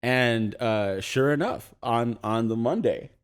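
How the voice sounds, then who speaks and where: A man's voice: mid-range voice, takes it slowly, smooth. Laughing young man telling a story. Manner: animated anecdote with frequent laughs and fillers. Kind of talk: casual podcast storytelling.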